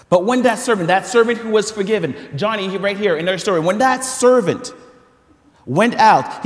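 High-voiced pastor in an echoey hall. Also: male voice. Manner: animated, conversational, stumbling restarts, calls the crowd "friends". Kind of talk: sermon. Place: large church hall.

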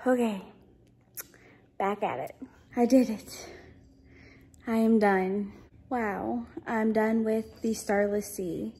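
Tired woman vlogging in a husky voice. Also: on the high side, steady tone, takes it slowly, long pauses, warm tone. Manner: chatty, self-deprecating. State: tired, sleepy. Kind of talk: casual vlog chat. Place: at home.

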